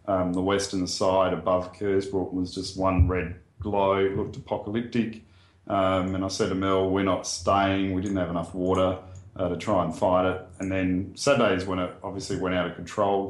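Earnest Australian man, low and roomy. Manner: plain-spoken and earnest, with frequent ums and restarts. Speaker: guest sharing a bushfire story. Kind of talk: casual spoken recollection. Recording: roomy echo.

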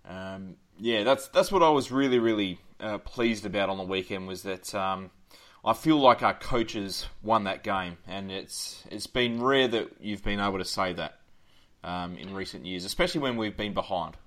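An Australian man hosts a casual sports podcast with a bright, clear voice that sits a little low. He sounds chatty and upbeat, and he pauses on fillers as he thinks aloud. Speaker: podcast host.

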